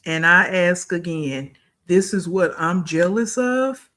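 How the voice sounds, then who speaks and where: A woman hosting a reaction video, pausing the clip to deliver blunt, mocking, profane commentary. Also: fairly low pitch, lively intonation, fairly bright tone.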